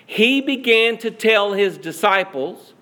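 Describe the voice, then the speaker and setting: Slow, deliberate male preacher. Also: sits high, lively intonation, bright, forceful tone. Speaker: pastor. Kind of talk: sermon.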